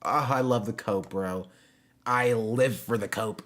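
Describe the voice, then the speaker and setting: Low-voiced young man streaming. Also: a little slow, a bit bright. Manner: loose and joking, talks to chat with slang and fillers. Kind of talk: casual live-stream chat. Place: home.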